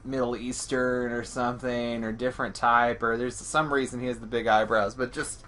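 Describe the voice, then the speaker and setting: A man hosting a casual podcast chat, rambling with many restarts and getting excitable. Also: mid-range voice, normal speed, slight background noise. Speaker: podcast host.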